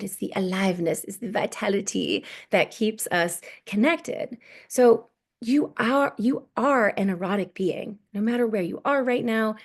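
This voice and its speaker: A woman in her thirties giving a relaxed workshop talk as a sex coach, often tagging "right?" onto her points. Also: medium pitch. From United States.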